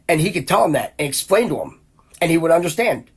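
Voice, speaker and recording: A man's voice: on the high side, sing-song, fast talker, husky. A man hosting a podcast, talking in a heated, profane, rambling rant full of restarts and repeated exclamations. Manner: repeats exclamations in rising bursts. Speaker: podcast host.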